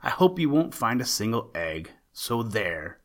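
A man's voice: medium pitch, very animated, unhurried. A man voicing an earnest young male rabbit in a storybook, speaking with indignation. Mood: indignant. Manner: indignant, pleading.

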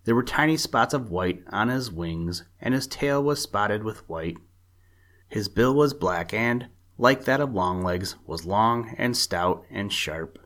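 A man narrating a children's animal story for a reading podcast, steady and measured. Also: fairly low pitch.

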